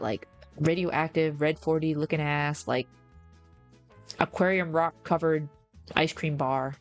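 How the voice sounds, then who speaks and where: Low, gravelly-voiced woman rambling on stream. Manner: rambling, slangy, says bro a lot; reads and answers chat. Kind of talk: casual livestream chat.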